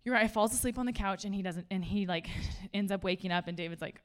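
A woman giving a casual, conversational sermon to a room of listeners. She is chatty and animated, laughs often, and says "like" a lot. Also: mid-range voice, quick pace. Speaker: speaker at a church gathering.

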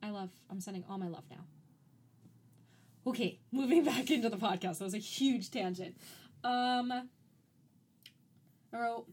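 A woman's voice: on the high side, measured pace, long pauses, darkish tone, husky. A woman co-hosting a podcast in casual chat, talking loosely with lots of "like" fillers and easy laughs. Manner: chatty, frequent "like" fillers, laughs easily. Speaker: podcast co-host.

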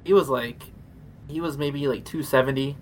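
A man co-hosting a podcast, chatty and quick to laugh in casual conversation. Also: mid-range voice, a little hiss or hum. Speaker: podcast co-host. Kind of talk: casual chat.

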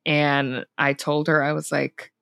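A woman with a low, deep voice tells her story in a relaxed podcast chat. She is animated, and she plays out the people she quotes. The sound is close and dry. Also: slow, gravelly, no echo. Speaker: podcast guest.

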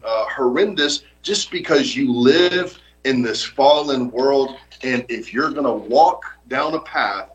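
A man's voice: mid-range voice, fairly bright tone, muffled recording. A man preaching a sermon as pastor, earnest and emphatic, often repeating his points.

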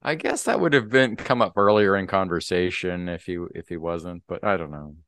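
A man's voice: low-pitched, moderate pace, fairly bright tone, no echo, clean studio sound. A man co-hosting a podcast, offering trivia asides in casual chat and often trailing off into mumbles. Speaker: podcast co-host. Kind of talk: casual chat about comics.

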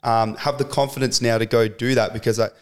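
A man's voice: medium pitch, steady tone, fairly quick, clear, resonant tone. A young man with an Australian accent, chatting casually as a podcast guest, full of fillers and slang. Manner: laid-back, lots of fillers and slang. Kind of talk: casual chat.

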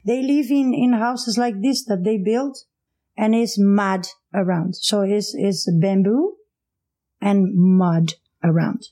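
Portuguese-accented woman guest, middle-aged, animated storyteller, mellow warm tone. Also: mid-range voice, slow pace, poor audio. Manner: animated, laughs often, acts out voices. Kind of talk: casual storytelling.

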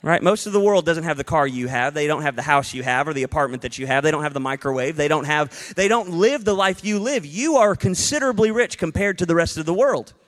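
A man in his thirties preaching a sermon as a pastor, animated and acting out little dialogue bits. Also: fairly high pitch, fast, few pauses.

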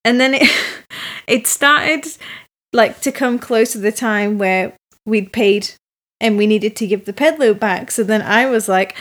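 A woman's voice: a little high, a little slow. Chatty young woman telling a story. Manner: animated, laughing, chatty with many fillers. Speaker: podcast co-host. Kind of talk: casual storytelling.

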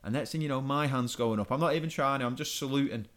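A man's voice: mid-range voice, fast talker, a bit bright. A young man co-hosting a podcast, ranting in exasperation and stumbling over repeated words. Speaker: podcast co-host. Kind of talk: casual comedic rant.

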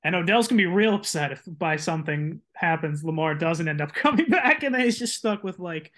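Higher-pitched male co-host, hedging casual sports opinions. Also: animated, a little fast, fairly bright tone. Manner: hedging, lots of "like" and "I mean". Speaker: podcast co-host.

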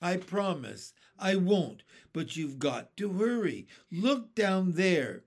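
A man's voice: high voice, sing-song, takes it slowly, heavily acted. A man voicing a brave young boy in a storybook, commanding and reassuring.

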